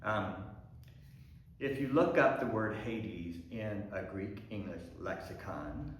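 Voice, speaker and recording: A man, a pastor, teaching a Bible study lesson in an explanatory way, pausing with ums and restarting phrases. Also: on the low side, slight background noise. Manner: explanatory, thinking aloud with frequent ums and restarts. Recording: very echoey room.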